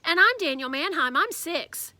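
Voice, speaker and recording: A woman's voice: very high voice, lively intonation, normal speed, sharp tone, dry recording, pitched above the performer's own voice, heavily acted. Woman doing a whiny fussy little boy. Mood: boastful. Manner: whiny, tearful pleading. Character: whiny fussy six-year-old boy.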